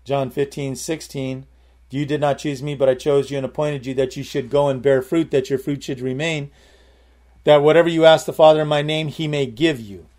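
A man's voice: mid-range voice, steady tone, normal speed, a little mellow. Man preaching an emphatic sermon. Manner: emphatic, addresses the congregation directly with repeated calls of "Amen?"; repeats and restarts phrases while building a point.

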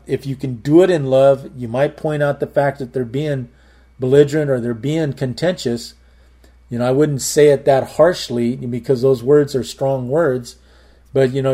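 A man teaching a Bible study as a pastor, talking conversationally with many halting repeats. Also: medium pitch, mellow.

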